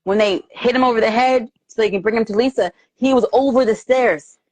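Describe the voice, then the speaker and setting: A woman hosting a casual live movie review chat, animated and quick to laugh, acting out lines from scenes as she retells them. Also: fairly high pitch, no room sound. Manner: animated, quotes lines in put-on voices, lots of laughter. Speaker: host. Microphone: live video stream.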